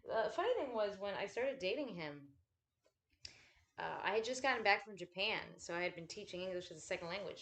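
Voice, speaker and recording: A woman's voice: fairly low pitch, lively intonation, brisk, fairly bright tone. A woman chatting casually at home while folding laundry, rambling and swearing freely with self-deprecating asides.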